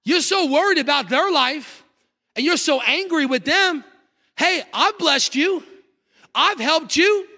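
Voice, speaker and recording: A man's voice: very high voice, expressive, takes it slowly, pushed and bright, voice pushed up, exaggerated voice. A man voicing God, who speaks in a pleading, reproachful way. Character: God, male, patient and reproachful.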